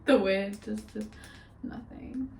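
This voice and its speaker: A woman's voice: medium pitch, measured pace, gravelly, dark tone, echoey room, distant mic, poor audio. A young woman vlogging at home, telling a story in a rambling, chatty way full of "like" and "literally". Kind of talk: casual storytime vlog.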